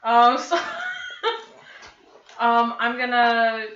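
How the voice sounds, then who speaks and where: A woman's voice: a little high, big pitch swings, very slow, a bit bright, soft background music. A woman playing a tabletop game in a casual, giggly way. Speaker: player. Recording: echoey muffled recording with faint hiss.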